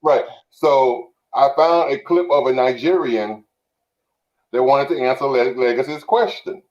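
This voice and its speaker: Measured male host introducing clips. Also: mid-range voice, a little mellow, dull audio. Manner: measured, deliberate explaining. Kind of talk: casual chat.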